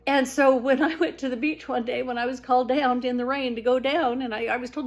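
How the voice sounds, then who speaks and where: An animated woman with a fairly high voice tells her personal story straight to the camera. She talks earnestly and in a chatty way, restarting her sentences as she goes. Her delivery is expressive and swings upward as she gets caught up in it. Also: brisk. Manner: animated and expressive, voice rising high when excited; earnest, talkative, with frequent restarts. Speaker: author telling her own story. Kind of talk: casual spiritual storytelling monologue.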